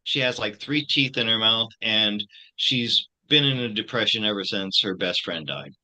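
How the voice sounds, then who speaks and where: A man in his sixties from the United States, a tarot channel host, talking casually to his viewers in a halting way with many restarts. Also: lowish voice, bright, forceful tone. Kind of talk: casual personal talk to viewers.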